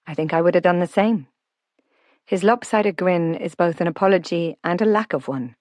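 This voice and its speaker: A woman narrating a novel in first person, reading in a calm, reflective way. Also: lowish voice, normal speed, no room sound, studio quality. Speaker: audiobook narrator.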